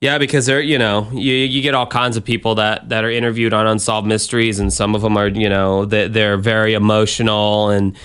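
A man's voice: on the low side, flat delivery, brisk, few pauses, fairly bright tone, smooth. A young man co-hosting a podcast, chatting casually and telling loose, rambling stories with some swearing. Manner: rambling, loose storytelling with profanity. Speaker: podcast co-host. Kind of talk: casual chat.

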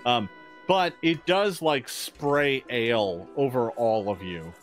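A man's voice: medium pitch, slow, faint music behind. A man narrating a tabletop game as game master, with many fillers and restarts. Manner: hesitant, many fillers, animated.

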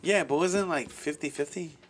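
A man's voice: fairly high pitch, normal speed, crowd noise. A young man co-hosting a podcast, swearing freely and cutting in with crude jokes. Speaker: podcast co-host. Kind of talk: casual chat.

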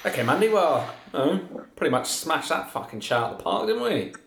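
Gravelly man hosting a podcast. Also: fairly high pitch, very animated, a little fast, a bit bright, slight background noise. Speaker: podcast host. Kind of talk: casual podcast chat. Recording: echoey room.

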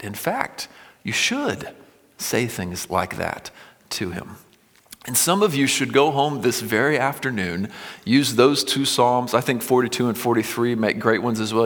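A male pastor preaching a sermon, reading scripture with swelling intensity and dropping low and quiet between passages. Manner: reads scripture with rising intensity, then drops low and quiet. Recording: long hall reverb.

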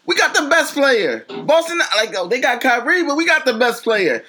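Co-host, high and bright, slangy and insistent. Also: male voice, sing-song, moderate pace, few pauses. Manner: insistent, slangy, repeats himself. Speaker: podcast co-host. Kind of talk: heated casual sports debate.

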